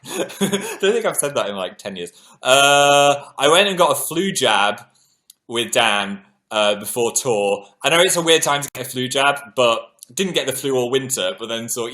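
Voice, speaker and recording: A man's voice: medium pitch, moderate pace. A man in his thirties chatting casually on a livestream, telling stories animatedly, laughing often and poking fun at himself. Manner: animated storytelling, self-deprecating, laughs often. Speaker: livestream host.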